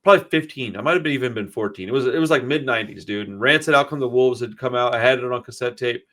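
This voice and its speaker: A man's voice: mid-range voice, fast talker, a bit bright. A middle-aged man from Texas, a podcast host, telling a long rambling story in casual chat, swearing freely and calling everyone dude and bro. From Houston area, Texas.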